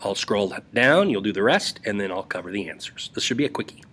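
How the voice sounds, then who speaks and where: A man's voice: lowish voice, big pitch swings, quick pace, a bit bright, slightly rough. A male English teacher giving a casual, joking lesson to students over a screen recording. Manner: playful and jokey, talking to students.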